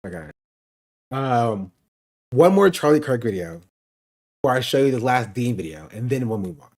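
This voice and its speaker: A man's voice: mid-range voice, sing-song, normal speed, a little mellow. Chatty male streamer talking to chat. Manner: chatty, laughing asides to chat. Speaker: streamer host. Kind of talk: casual stream commentary.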